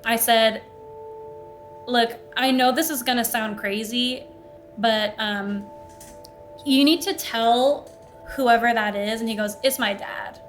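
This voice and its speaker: A young woman hosts a casual podcast chat and tells a personal story with lively delivery, acting out the voices of the people in it. Her voice sits fairly high. Faint music plays under her. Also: slow pace, pauses often. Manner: animated storyteller, acts out quoted voices. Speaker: podcast host.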